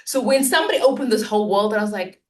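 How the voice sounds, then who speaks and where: A woman on a panel telling her own story, animated, laughing and acting out the voices in it. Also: mid-range voice, racing, recorded from a distance. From Africa. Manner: animated, laughing, acts out dialogue.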